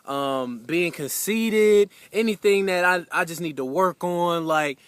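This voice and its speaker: High, bright-voiced young man telling a story. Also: takes it slowly, clean tone, no echo. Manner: casual, filler-heavy, animated retelling. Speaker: husband giving an anniversary message. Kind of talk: heartfelt personal storytelling.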